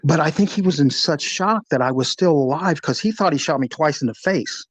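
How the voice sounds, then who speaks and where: A middle-aged man, a former police officer, telling a personal story in an animated, vivid way, acting out the sounds. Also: on the high side, brisk, dry recording, low-quality recording. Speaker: retired police officer recounting a shooting. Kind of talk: storytelling in an interview.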